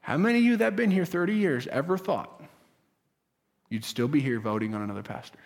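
A male preacher delivering a sermon, swinging from shouted, singsong lines to quiet asides. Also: a little high, expressive, fairly quick, creaky.

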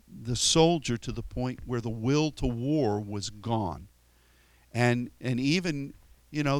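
A man preaching a sermon in an earnest, rambling way with many restarts, sometimes rising sharply for emphasis. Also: dry recording. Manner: rises sharply in pitch and volume for emphatic quotes.

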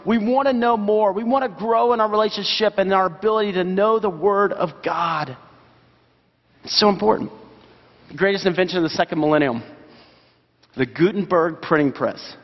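Pastor preaching in an echoing church. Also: male voice, high-pitched, expressive, normal speed. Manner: earnest, with rhetorical questions. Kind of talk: sermon. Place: church sanctuary. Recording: dull sound, long hall reverb.

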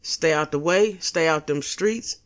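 A woman's voice: low-pitched, measured pace. A woman hosting a casual solo podcast, blunt and profane, joking with slang and laughing at her own lines. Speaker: podcast host.

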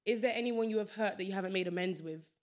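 A young woman hosting a podcast, asking quick, probing questions in casual chat. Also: mid-range voice, a little mellow. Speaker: podcast host.

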